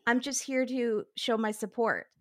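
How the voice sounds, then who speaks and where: A woman's voice: on the high side, fairly even intonation, measured pace, dry recording, clean studio sound. A woman guest co-host recapping a reality show in casual, chatty talk. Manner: chatty, laughing reactions.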